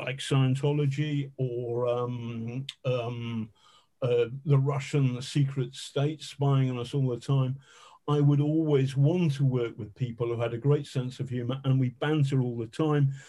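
A man's voice: mid-range voice, warm tone. A man, a journalist telling anecdotes as a podcast guest, rambling with restarts and the odd swear word. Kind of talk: storytelling in an interview.

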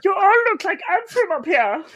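A man voicing a silly, fluttery woman with a put-on German accent, talking high and theatrically drawn-out. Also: a bit bright, full character voice.

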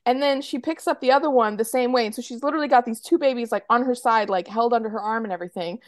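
Woman podcast co-host, higher voice, close dry sound, rambling chatty recap full of "like". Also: quick pace, no room sound. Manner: chatty, lots of fillers, acts out quotes. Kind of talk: casual chat recapping a TV episode.

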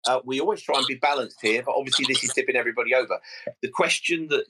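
Brief: easygoing phone-in host, measured, chatty, keeps callers moving. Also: male voice, medium pitch, noisy background. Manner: measured, chatty, calls people sir and mate. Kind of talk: fan phone-in presenting.

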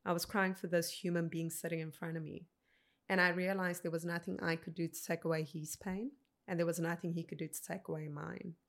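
A woman in her thirties, a podcast guest telling a personal story in an earnest, unhurried way. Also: fairly low pitch, level tone, creaky. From South Africa. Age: 30s.

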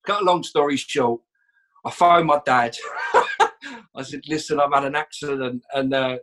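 Guy rambling through a story, bright voice, animated. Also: medium pitch, normal speed, low-quality recording. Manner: lively storyteller, animated retelling. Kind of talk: casual chat, anecdote.

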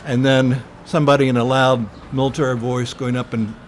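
A man's voice: medium pitch, level tone, a little hiss or hum. Older man telling a reflective story. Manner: earnest, reflective storytelling with frequent pauses and fillers. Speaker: interviewee. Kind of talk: oral history interview.

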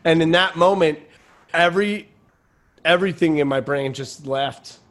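Male stand-up comic hosting a podcast; lightly raised pitch, loose animated storytelling. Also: moderate pace. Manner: rambling, animated anecdote-telling. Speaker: stand-up comedian and podcast host. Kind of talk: casual chat storytelling.

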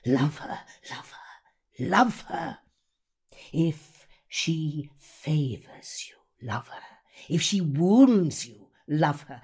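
A woman's voice: lowish voice, heavily acted. A woman voicing a bitter, vengeful old jilted spinster, intense and commanding, dropping into sudden whispers. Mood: probing, insistent.

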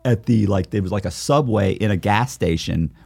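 A middle-aged man, a guest on a podcast, casually telling an animated story, acting out what people said and chuckling often. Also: fairly low pitch, moderate pace, creaky, husky, no echo. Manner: animated, acts out quoted dialogue, chuckles often. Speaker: guest, author and former con artist.

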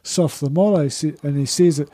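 A Scottish man, a podcast guest, telling one rambling, excited anecdote after another in casual chat. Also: fairly high pitch, a little fast.

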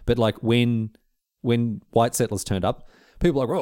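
A man co-hosting a casual podcast chat, telling stories with animated jokes. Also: medium pitch, moderate pace, no echo, clean studio sound. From Australia. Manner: animated storyteller, breaks into joking voices. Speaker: podcast co-host.

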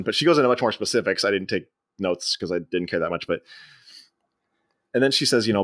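A man's voice: fairly low pitch, expressive, quick pace, a bit bright. A man co-hosting a podcast, retelling a movie's scenes in a rambling, amused, casual way. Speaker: podcast co-host. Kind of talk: casual film recap.

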